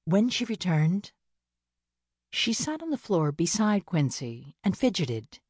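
Audiobook narrator: woman, lowish husky voice, measured reading, dry close mic. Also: dry recording. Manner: steady, measured storytelling. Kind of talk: scripted narration.

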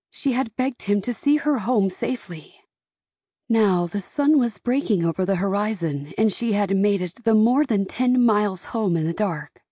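A woman narrating an audiobook in a measured, expressive storytelling manner. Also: mid-range voice, husky, dry recording, clean studio sound.

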